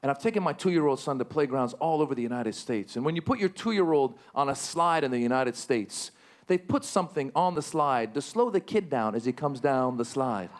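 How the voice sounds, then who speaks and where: A man of Middle Eastern origin performing a stand-up comedy set on a live stage, animated and jumping to excited squeals on punchlines. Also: medium pitch, fairly quick. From Middle East.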